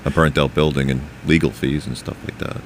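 Very deep-voiced, quick-talking man. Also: steady tone, slight background noise. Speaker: podcast co-host. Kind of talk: casual chat.

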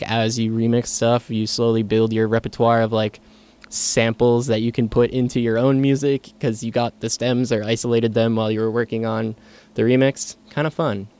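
A man's voice: medium pitch, flat delivery, normal speed, a little mellow, smooth. A man hosting a casual radio music show, chatting enthusiastically about tracks in a rambling way, with lots of fillers and restarts. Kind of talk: casual on-air music chat. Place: radio studio. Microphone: studio microphone.

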